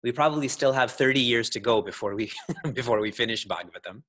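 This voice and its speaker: Male spiritual teacher, slightly husky voice, playful discourse style with frequent laughs and questions to the audience. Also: mid-range voice, fast, fairly bright tone. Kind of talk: scripture discourse to a congregation.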